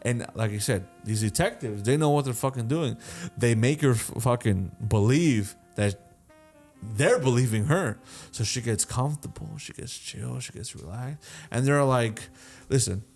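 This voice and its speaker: A young man hosting a podcast, telling a crime story in a loose, animated way, swearing a lot and checking in with "right?". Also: mid-range voice, normal speed, faint music behind. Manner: swears constantly, animated retelling, keeps asking "right?". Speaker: podcast host. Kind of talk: casual storytelling.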